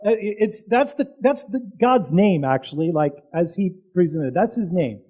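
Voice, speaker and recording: A man preaching a sermon to a congregation, telling the story with dramatic pauses, loud peaks and casual asides to the audience. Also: sits high, expressive, breathy edge, poor audio.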